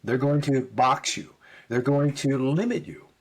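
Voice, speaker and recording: A man's voice: mid-range voice, measured pace, breathy edge. A middle-aged man, a podcast guest, telling a story in conversation and acting out both sides of the dialogue.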